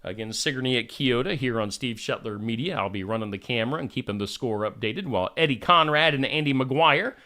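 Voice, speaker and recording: A man's voice: medium pitch, brisk, few pauses, pushed and bright. A man from Iowa, hosting a casual live stream and chatting in a jokey way as he greets viewers.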